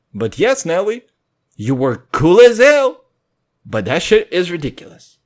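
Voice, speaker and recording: A young man hosting his podcast in a rambling, profane monologue, swinging between loud and quiet. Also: high-pitched. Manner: rambling, swearing, jumps between loud and quiet, mock voices and singing. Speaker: podcast host.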